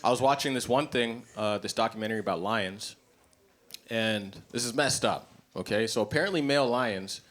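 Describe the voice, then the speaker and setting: A man doing a stand-up comedy set in a club, blunt, profane and animated. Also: on the low side, moderate pace. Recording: live comedy club, noisy ambience.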